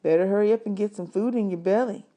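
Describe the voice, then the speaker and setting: A joking older man from a storybook, as a woman reader voices him, folksy and easygoing. He is told in a mellow, warm tone without much change from the reader's own voice. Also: medium pitch, fast talker, pitched above the performer's own voice, close to an everyday voice. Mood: teasing. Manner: teasing, folksy. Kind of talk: storybook read-aloud.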